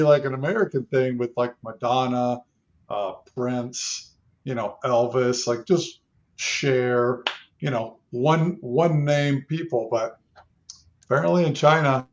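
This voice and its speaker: A man's voice: medium pitch, darkish tone. A man co-hosting a talk radio show, rambling and joking in casual chat. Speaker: radio co-host. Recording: dull muffled audio.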